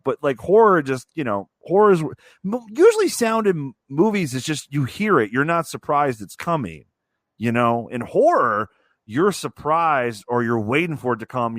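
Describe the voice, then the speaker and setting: A man's voice: medium pitch, fairly bright tone, dry recording, clean studio sound. A young man co-hosting a podcast, talking with emphatic enthusiasm and the occasional swear. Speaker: podcast co-host. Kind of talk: casual movie review chat.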